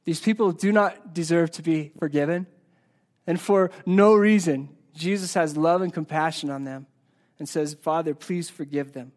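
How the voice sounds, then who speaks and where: Male pastor from the States, high voice, earnest sermon delivery with loud and hushed swings. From United States. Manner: earnest, swings between loud emphasis and hushed slow passages. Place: church sanctuary.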